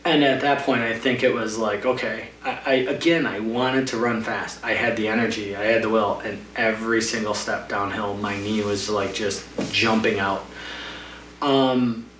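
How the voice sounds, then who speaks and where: A trail runner with a fairly low, steady, slightly bright voice talks at a moderate pace. In a podcast interview he rambles through a long race story, filler-heavy and casual, over a roomy, distant mic with a faint hum.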